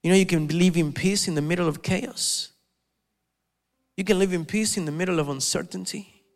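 A male preacher giving an animated sermon, telling stories and acting out the quotes. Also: high voice, normal speed. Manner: animated, storytelling, with acted-out quotes.

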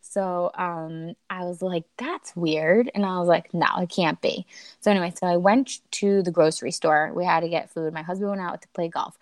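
Podcast guest: young woman, low-pitched, chatty, quotes herself a lot. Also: steady tone, normal speed, no room sound. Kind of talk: personal storytelling.

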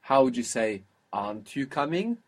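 A man's voice: mid-range voice, big pitch swings, moderate pace. A man teaching a spoken language lesson, patiently prompting and praising his student.

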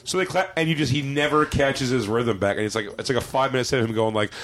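A man's voice: mid-range voice, fast talker, a bit bright, a little hiss or hum. A male comedian in casual podcast chat, rambling through profane stories and acting out quotes.

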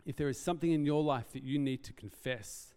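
A man's voice: mid-range voice, brisk, a little mellow, clean tone. A man preaching a sermon as pastor, earnest and conversational, with self-deprecating asides. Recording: reverberant hall.

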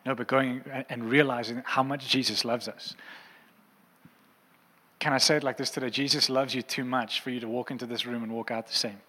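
A man's voice: medium pitch, fairly even intonation, fairly quick, bright, forceful tone. Earnest male pastor in a reverberant hall. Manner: earnest, impassioned preaching. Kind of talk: sermon. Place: church auditorium.

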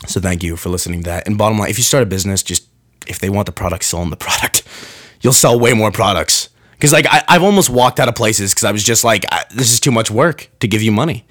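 This is a fast-talking young man with a fairly low voice, hosting his own podcast solo. His casual rant is animated and rambling, full of self-interruptions, restarts and side comments.

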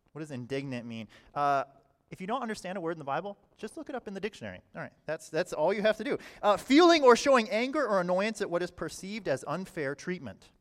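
A man preaching a sermon in a conversational way, often saying "all right" and swinging between quiet and loud passages. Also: fairly high pitch. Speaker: pastor.

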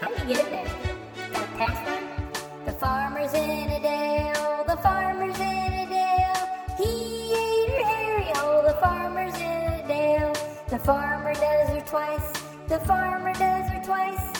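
Man putting on a squeaky high singer, goofy, slow, long reverb, loud backing music. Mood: bawdy. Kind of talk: comedic song parody. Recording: echoey, reverb-heavy, over loud music.

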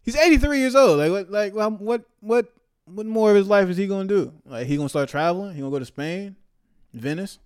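A young man riffs on a news story in casual, profane commentary. His voice sits a little high and sounds smooth and clear. He swings between loud, excited outbursts and low, mumbled asides. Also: fairly quick. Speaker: commentator reading a news article.

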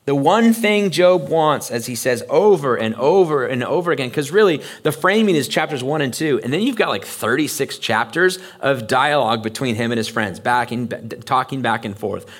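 A mid-range male voice belongs to a pastor giving a sermon in church. He keeps it lively and conversational, performing the voices of people he cites.

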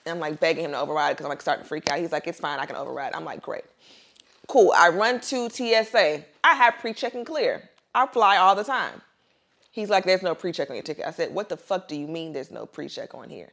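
Woman on a podcast, kinda low voice, cussing and acting out every line of her story. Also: quick pace. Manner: animated storyteller, profane, acts out quotes. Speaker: podcast co-host. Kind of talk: casual chat, storytelling.

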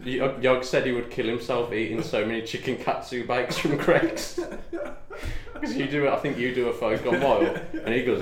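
A man's voice: medium pitch, animated, moderate pace. A young man co-hosting a podcast in casual chat, rambling, giggling and swearing freely. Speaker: podcast co-host. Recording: echoey room.

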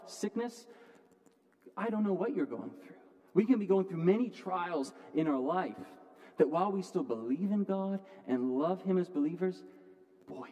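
A man preaching a sermon from the pulpit, earnest, often restarting words and moving between loud and quiet passages. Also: sits high. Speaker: pastor. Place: church sanctuary. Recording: long hall reverb.

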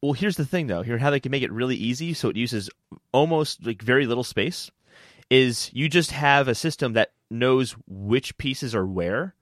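A man's voice: mid-range voice, expressive, normal speed, dry recording. Easygoing male podcast co-host, dry sound. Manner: easygoing, thinking aloud. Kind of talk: casual gaming podcast chat.

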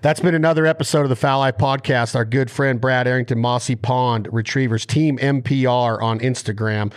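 A man hosts a podcast in casual chat. He speaks in a folksy, heartfelt way and tends to circle back and repeat himself. His voice sits at an ordinary middle pitch. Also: steady tone, normal speed. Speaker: podcast host.

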